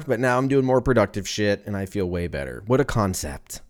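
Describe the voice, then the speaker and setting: Rambling, profane podcast host, low voice. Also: male voice, animated, moderate pace. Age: 30s. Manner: rambling, profane, laughs at his own jokes. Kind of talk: casual solo podcast chat.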